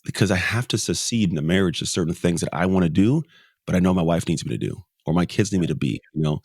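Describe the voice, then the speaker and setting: A man's voice: sits low, lively intonation, fast, a little mellow, husky, dry recording, clean studio sound. A middle-aged man from the United States, a podcast guest, talking emphatically and telling a story with repeated phrases. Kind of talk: motivational conversation.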